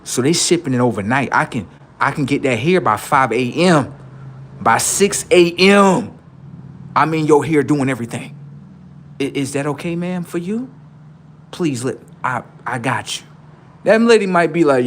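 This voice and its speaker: A young man talking casually to his livestream viewers, animated and slangy, jumping from loud outbursts to quiet asides. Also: fairly high pitch, measured pace, slight background noise. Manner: slangy, addresses viewers directly. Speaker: livestream host.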